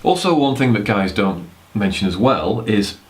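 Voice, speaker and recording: A man's voice: on the low side, sing-song, normal speed. A young man giving casual dating advice to camera, rambling and blunt, with casual swearing. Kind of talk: casual talking-head advice.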